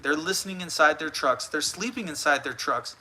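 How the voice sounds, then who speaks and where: An American man from the United States hosts a casual live stream, answering viewer comments in an earnest ramble full of restarts. His voice is on the high side, a bit fast, bright, and forceful, and the rough recording carries a slight hiss or hum.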